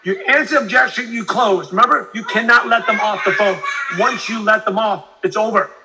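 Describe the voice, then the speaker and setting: A man's voice: high-pitched, moderate pace, very noisy. A man coaching a live online audience on sales closing, emphatic and repetitive, tagging points with "right?" and answering viewer comments as he goes. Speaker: sales trainer.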